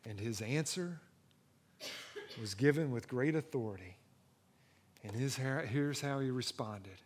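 A man preaching a sermon, swinging from hushed, intimate moments to rising excitement, often repeating and restarting phrases. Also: medium pitch, measured pace. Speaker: pastor.

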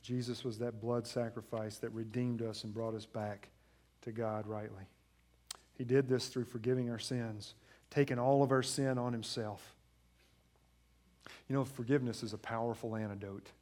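A man in his thirties preaching a sermon, moving from quiet, low passages to loud, emphatic ones and acting out family dialogue. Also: steady tone, normal speed. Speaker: pastor.

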